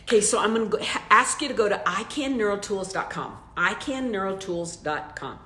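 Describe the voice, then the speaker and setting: Lively, emphatic woman coach in a roomy space. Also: brisk. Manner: emphatic, addresses listeners directly with repeated questions. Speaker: business coach. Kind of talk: motivational training talk. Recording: roomy echo, faint rumble.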